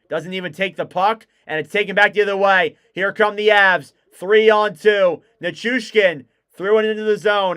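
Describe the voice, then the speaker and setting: A man calling live hockey play-by-play on his stream, quick and excitable. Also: high-pitched, smooth. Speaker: livestream commentator.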